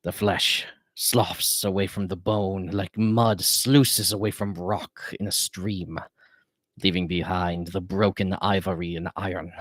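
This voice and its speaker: Man doing a slow grieving old wizard. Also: low voice, fairly even intonation, no echo. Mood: mournful. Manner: slow, measured and heavy. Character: grieving old male wizard, weary and mournful. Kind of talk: audiobook narration. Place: home.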